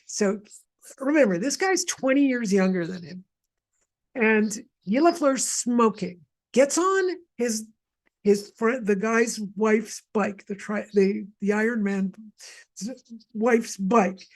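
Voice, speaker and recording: A woman from Montreal leading a guided wellness session, chatty and rambling with lots of asides. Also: on the high side. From Montreal, Canada. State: mild asthma. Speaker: energy healer leading a session.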